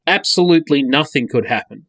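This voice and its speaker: A man's voice: on the high side, animated, brisk, a bit bright, no room sound, studio quality. Blunt, sweary man in casual chat. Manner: blunt, sweary, restarts a lot.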